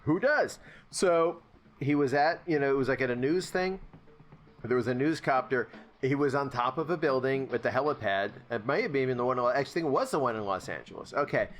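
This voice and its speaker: A man's voice: medium pitch, fairly quick. A man playing in a casual tabletop game, rambling and joking with lots of "you know.". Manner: rambling, jokey, full of fillers. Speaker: player. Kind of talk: casual chat.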